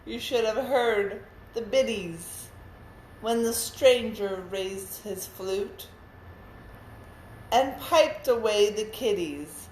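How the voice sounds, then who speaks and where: A woman's voice: mid-range voice, takes it slowly, reverberant, a little hiss or hum, poor audio. A young woman reading children's poems aloud in a casual, playful way, laughing between verses. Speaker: poetry reader.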